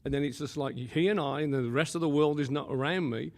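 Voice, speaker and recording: Gravelly male pastor guest, a bit higher pitch, lively storyteller who laughs and acts out quotes, reverberant room. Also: brisk. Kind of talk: animated storytelling.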